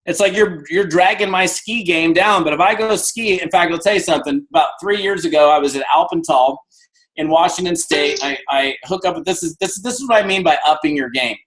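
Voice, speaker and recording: Energetic man telling lively stories. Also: a little high, a little fast, poor audio. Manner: energetic storyteller, acts out dialogue. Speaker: guest speaker. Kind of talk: motivational talk on a video call. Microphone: video call.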